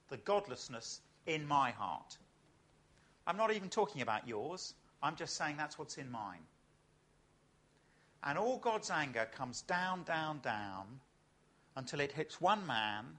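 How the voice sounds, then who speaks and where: A man's voice: fairly high pitch, pushed and bright. A man, an Anglican clergyman, preaching a sermon full of stories and rhetorical questions.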